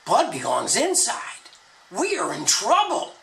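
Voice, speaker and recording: A man's voice: sits high, huge pitch swings, slow, vocal fry, pushed and bright, reverberant, voice pushed up, heavily acted. A man voicing a brash first man who speaks bluntly and defiantly toward God.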